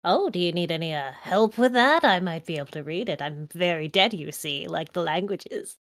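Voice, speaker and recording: A woman's voice: on the low side, animated, moderate pace, a bit bright. A woman playing a tabletop role-playing game, bantering playfully in character. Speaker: player.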